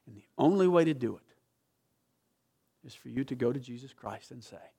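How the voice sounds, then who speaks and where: Preacher guy, gravelly voice, gets loud then goes quiet, storytelling sermon in church. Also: mid-range voice, lively intonation, normal speed. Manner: passionate storytelling, swings from loud to hushed. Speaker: pastor. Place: church sanctuary.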